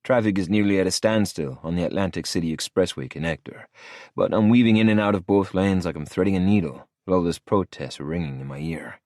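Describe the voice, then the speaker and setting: A man's voice: deep voice, moderate pace, a little mellow, no echo. A man narrating a first-person audiobook in a cool, hard-edged manner, close to the mic.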